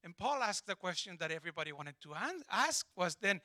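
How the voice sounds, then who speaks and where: Guy preaching a sermon, acts out the voices in his stories, bright and kinda high. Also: brisk, hardly any pauses, no echo. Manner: animated storytelling, acts out dialogue. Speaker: pastor.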